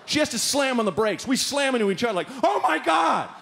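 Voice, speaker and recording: A man's voice: extremely high pitch, fast, a little hiss or hum. A man doing stand-up comedy on a live stage, telling a story and acting out the people in it with big jumps in his voice. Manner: animated, acts out characters with big voice jumps. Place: live stage before an audience.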